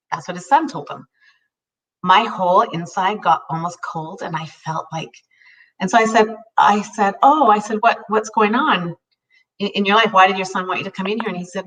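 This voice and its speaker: Sounding a little removed from the mic, a middle-aged co-host tells a personal story on a talk show, heartfelt and earnest, frequently starting over. She speaks at a moderate pace in a medium, somewhat bright voice.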